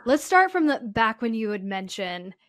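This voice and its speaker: A woman's voice: fairly high pitch, sing-song, normal speed, a bit bright, no room sound, clean studio sound. A woman hosting an interview, asking frank, curious questions in a conversational way. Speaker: podcast host, pelvic floor therapist.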